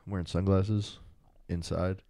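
A man co-hosting a podcast in casual chat, laid-back and halting with many fillers. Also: sits low, level tone, mellow. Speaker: podcast co-host.

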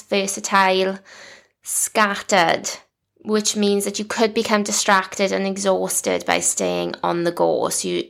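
A British-accented woman in her thirties hosts a casual solo podcast, talking in a chatty, confiding way with lots of "like" fillers. Her voice is medium-pitched, creaky, and fairly bright.

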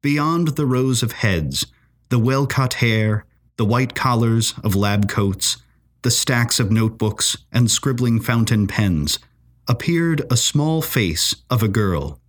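A male narrator reads a period story in a measured, expressive style. He takes his time and lets his voice rise and fall widely. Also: medium pitch.

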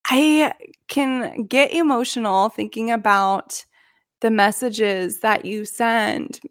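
A young woman who works as a coach, talking in a gentle, earnest and reflective vlog monologue, emotional at times. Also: medium pitch, no room sound, clean studio sound.

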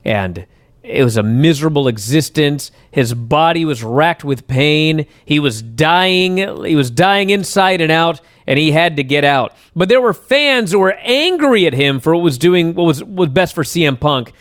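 A man hosting a wrestling talk show, telling stories at length in a casual, animated way. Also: a little high, a little slow, dry recording, clean studio sound. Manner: animated storyteller, recaps at length. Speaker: wrestling radio show host.

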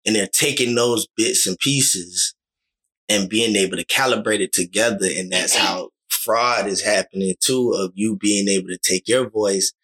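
A man's voice: fairly low pitch, normal speed, sharp tone. A man in casual podcast chat, telling rambling stories with lots of fillers and restarts. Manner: rambling storyteller, many likes and restarts.

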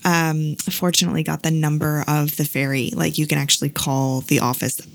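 A woman chatting casually as she tells a personal story, full of fillers and quick laughs, acting out the voices of the people in it. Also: deep voice, little pitch movement, gravelly, no echo.

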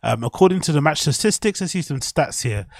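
A man's voice: on the high side, lively intonation, brisk, creaky, no echo. Young guy ranting on his podcast, swears a lot, dry close mic. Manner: opinionated, profane, laughs at own jokes. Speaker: podcast host. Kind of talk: casual rambling chat.

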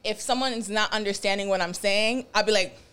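Fast-talking animated woman. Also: medium pitch, smooth. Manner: animated, profane, acts out quotes. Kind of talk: casual podcast chat.

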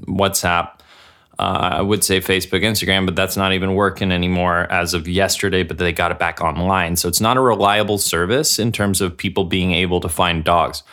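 A man hosting a comedic mock radio show, rambling deadpan with lots of filler words. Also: deep voice.

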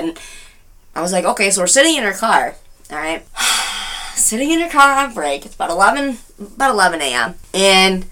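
A woman's voice: mid-range voice, normal speed. A woman co-hosting a casual talk show, telling a personal story animatedly and acting out what people said. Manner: animated, emotional storyteller who acts out quotes. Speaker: podcast co-host.

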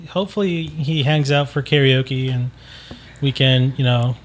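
A man's voice: mid-range voice, unhurried, a little hiss or hum. A man co-hosting a casual podcast, easygoing and a little hesitant as he talks. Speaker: podcast co-host. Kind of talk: casual chat.

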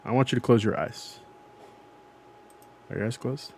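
A man's voice: medium pitch, normal speed, a little mellow, slightly rough. Rambling podcast co-host man. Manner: rambling, self-correcting storyteller. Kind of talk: casual chat. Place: podcast recording.

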